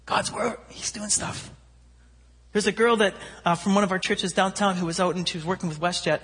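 A man preaching, telling a story with animated voices for its characters. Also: high-pitched, fast talker, slightly rough. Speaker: pastor. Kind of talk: sermon storytelling. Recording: long hall reverb.

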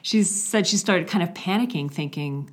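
Low-voiced woman telling a faith story. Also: normal speed. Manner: storytelling, animated, drops to a hushed voice for quiet moments. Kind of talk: conversational faith reflection.

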